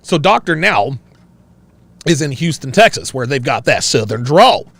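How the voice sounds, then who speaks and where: A man hosting a livestream, reading chat and joking in an animated, laugh-filled style. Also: medium pitch, moderate pace, gravelly, no room sound. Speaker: host. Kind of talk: casual livestream commentary.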